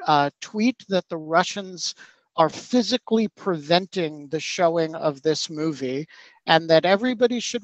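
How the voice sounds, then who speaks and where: A man hosting a webinar, speaking haltingly with many hesitations. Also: on the high side, no echo, lo-fi sound. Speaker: host. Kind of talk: live outdoor address to webinar. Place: outdoors in a city street.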